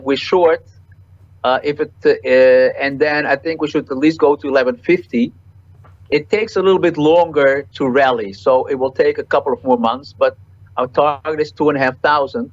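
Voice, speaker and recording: Man, interview guest, market analyst, halting speech, repeats words, dull lo-fi recording. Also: on the high side. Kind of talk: interview answers.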